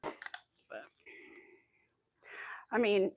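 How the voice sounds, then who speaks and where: Chatty woman crocheting on a livestream. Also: extremely slow. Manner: chatty, rambling, animated retelling with quoted asides. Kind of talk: casual chat while crocheting.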